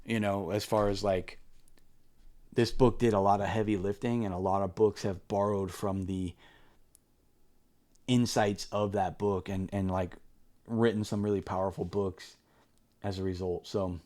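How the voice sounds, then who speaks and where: The voice is fairly low and darkish, delivered flatly at a measured pace with frequent pauses. He's reviewing a book casually and candidly, rambling through fillers and restarts, then growing earnest and emphatic as he urges viewers on.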